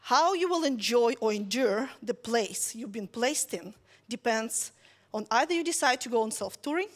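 A woman with a high voice preaches in a relaxed, conversational way. She tells a story with lively asides and keeps checking in with her listeners. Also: moderate pace. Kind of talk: conversational sermon.

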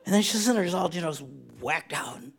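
Animated gravelly-voiced preacher man. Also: high voice, fast talker. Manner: animated comic storyteller, swinging between loud and hushed. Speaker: pastor. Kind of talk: humorous storytelling sermon.

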